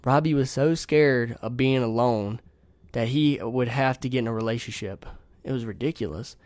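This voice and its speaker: A man's voice: mid-range voice, moderate pace, a little mellow, dry recording. A man in his twenties telling a long story in a blunt, profane, casual way, speaking from a home kitchen. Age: 20s. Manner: blunt, profane, reads messages aloud. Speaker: podcast host.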